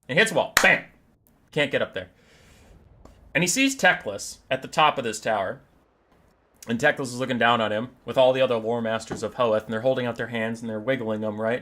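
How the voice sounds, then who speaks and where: A man giving animated, irreverent commentary and storytelling over a strategy game, swearing casually. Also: mid-range voice.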